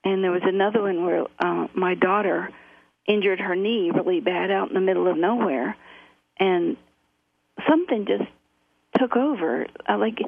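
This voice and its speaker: A woman's voice: mid-range voice, gravelly, husky. A middle-aged woman guest telling her story earnestly, with frequent fillers. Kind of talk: interview on a phone line. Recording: tinny phone line.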